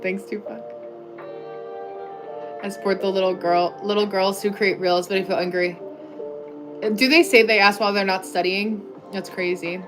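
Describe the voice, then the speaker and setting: A woman's voice: mid-range voice, steady tone, moderate pace, pauses often, music in the background. A young woman from the United States hosting a casual livestream, reading viewer comments and answering them in a chatty way, full of "like" fillers, on a clip-on mic. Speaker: livestream host.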